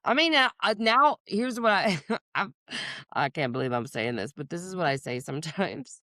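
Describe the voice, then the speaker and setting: A woman's voice: lowish voice, animated, normal speed, bright, forceful tone, dry recording, clean studio sound. A woman therapist hosting a podcast, speaking in candid casual chat, blunt and profane and laughing often.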